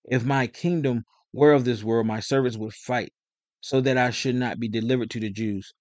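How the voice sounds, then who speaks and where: A man voicing a calm, solemn teacher on trial, speaking quietly and measuredly. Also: medium pitch, moderate pace, no echo, close to an everyday voice.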